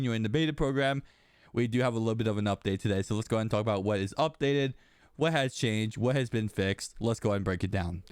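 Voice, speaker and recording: A male tech vlogger talks casually about a phone update while he is sick. His voice stays smooth and full, recorded close on a dry, roomless mic. He rambles and circles back to repeat his points. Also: lowish voice, a little mellow, no echo. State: sick, voice shot. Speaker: tech channel host.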